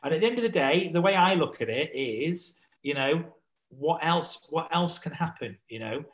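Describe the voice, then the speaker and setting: A man who works as a survival instructor chats casually as a guest on a podcast, rambling with lots of fillers and restarts. His voice runs on the high side, expressive and at a moderate pace, on a low-quality recording.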